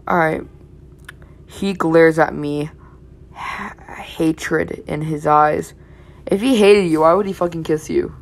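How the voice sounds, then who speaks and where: A woman's voice: low-pitched, steady tone, slow. A young woman reading fan fiction aloud with blunt, swear-heavy running commentary. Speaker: reaction channel host.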